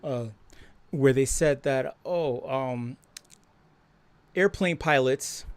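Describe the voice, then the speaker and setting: A man hosting a live stream, talking casually with lots of swearing and laughter, and acting out quoted voices louder and higher. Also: very slow, clear, resonant tone. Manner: profane, laughing, animated storytelling. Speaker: host.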